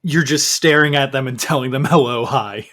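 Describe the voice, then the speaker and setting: A man's voice: medium pitch, normal speed. A man running a tabletop game as game master, talking casually and jokily with loose fillers. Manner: relaxed, joking, loose with fillers.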